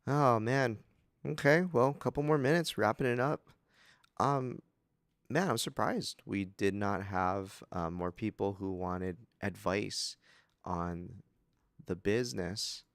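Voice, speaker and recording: Gravelly laid-back man. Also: on the low side, slow pace, dry recording, clean studio sound. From Hawaii. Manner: laid-back, says dude a lot, laughs easily. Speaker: podcast co-host. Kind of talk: casual chat.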